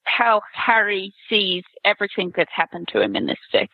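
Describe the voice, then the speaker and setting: A woman chatting on a podcast who listens warmly and laughs readily. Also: mid-range voice, big pitch swings, normal speed, vocal fry, dry recording. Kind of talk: casual chat. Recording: dull lo-fi line.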